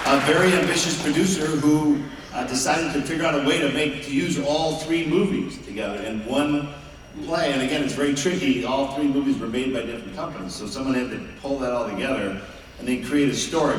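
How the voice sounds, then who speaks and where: A man's voice: fairly high pitch, fairly bright tone. Sardonic man in an echoey hall. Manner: sardonic, teasing the audience. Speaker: guest answering fan questions. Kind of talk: convention Q&A panel. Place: large indoor convention hall. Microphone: filmed from the audience on a far camera. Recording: echoey hall recorded from far off, crowd noise.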